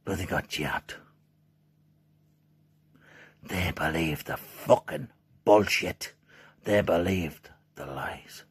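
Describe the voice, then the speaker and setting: An Irish man delivering an angry, profane rant straight to camera, swinging between low hushed menace and shouting. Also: takes it slowly, gravelly, long pauses, husky.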